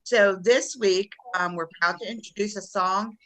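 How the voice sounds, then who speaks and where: Bright-voiced Southern American woman co-host. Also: medium pitch, fairly even intonation, rough recording. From Southern United States. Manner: chatty and enthusiastic, quick to laugh. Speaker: podcast co-host. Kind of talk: casual chat.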